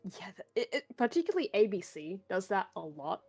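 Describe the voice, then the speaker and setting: A woman's voice: medium pitch, very animated, fairly quick. A woman from Australia with a Western Australian accent, a guest on a casual chat stream who laughs while she explains.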